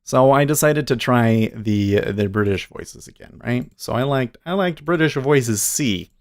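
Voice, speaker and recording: A man's voice: medium pitch, animated, measured pace. A man chatting casually on a live trading stream, rambling and chuckling often.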